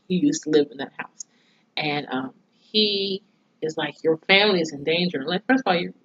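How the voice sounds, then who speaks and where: A woman's voice: lowish voice, a bit bright. A woman recapping a TV episode in a blunt, profane, casual way. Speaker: TV episode reviewer. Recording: dull lo-fi recording.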